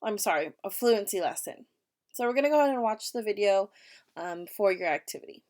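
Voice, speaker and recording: A woman's voice: mid-range voice, expressive, a little fast, darkish tone, rough recording. A woman teacher giving a remote reading lesson to young children, patient and step-by-step, often checking in with "right?".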